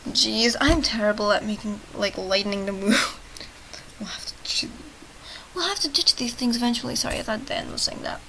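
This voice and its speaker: A young woman reads a text game aloud and riffs on it with chatty sarcasm and sudden loud outbursts. Her voice is bright and a little high. A faint hiss runs underneath. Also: lively intonation, normal speed, low-quality recording. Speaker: let's play gamer.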